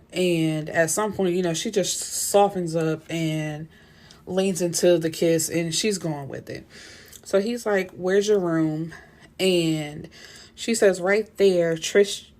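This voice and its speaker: A woman casually recapping a novel's plot, animated and full of fillers. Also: lowish voice. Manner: animated retelling with many fillers and quoted dialogue. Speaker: book reviewer.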